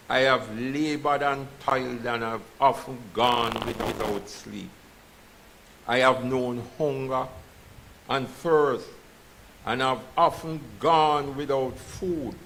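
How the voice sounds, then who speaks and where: A man with a Jamaican accent delivers a church sermon at an unhurried pace, reading scripture aloud. His voice is bright and forceful, and he drops into patois to check that his listeners understand him. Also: medium pitch, fairly even intonation, low-quality recording. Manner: slips into patois, asks the congregation "you understand?". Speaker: preacher.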